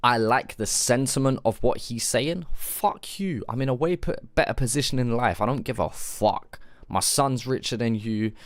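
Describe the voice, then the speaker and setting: A man streaming live, giving blunt, casual reactions to a track, swearing freely and thinking out loud. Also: medium pitch, moderate pace, no echo, studio quality.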